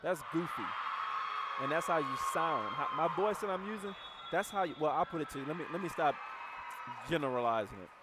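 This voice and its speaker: A man's voice: fairly high pitch, expressive, a little fast, heavy background noise. A man leading a motivational team training talk, blunt and direct, telling his team how to handle calls. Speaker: team leader.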